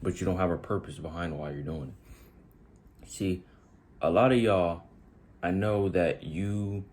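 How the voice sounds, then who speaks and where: This man's voice is low and a little mellow, with a faint hiss or hum behind it. He's a motivational video host talking casually to his audience, addressing them directly with question after question.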